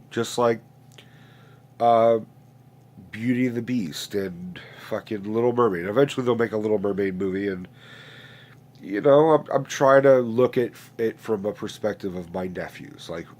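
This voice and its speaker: A man's voice: lowish voice, a little mellow. A man in his late twenties who sounds stuffed up from a sinus infection, hosting a casual, profane, rambling rant with many restarts. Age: late 20s. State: congested, stuffed-up nose. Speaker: host.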